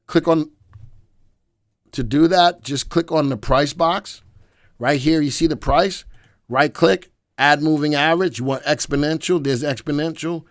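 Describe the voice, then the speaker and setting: Hoarse guy hosting a live stock webinar, chatty and upbeat, kinda high pitched, dry mic. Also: no echo. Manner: upbeat, talks to viewers while clicking through charts. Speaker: host of a live stock-market show.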